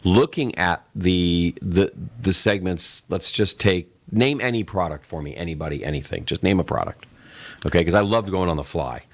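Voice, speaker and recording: A middle-aged man with a very low voice talks through an idea on a casual podcast. He rambles and restarts, acting out little sales pitches as he goes. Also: moderate pace. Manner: rambling, explains with acted-out sales examples. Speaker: tech show co-host.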